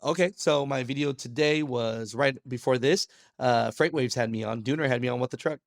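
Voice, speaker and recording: A man talking as a podcast guest in a casual chat, an energetic storyteller who acts out quoted dialogue and restarts his sentences often. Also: medium pitch, normal speed, no echo, clean studio sound. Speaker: podcast guest, trucking video creator.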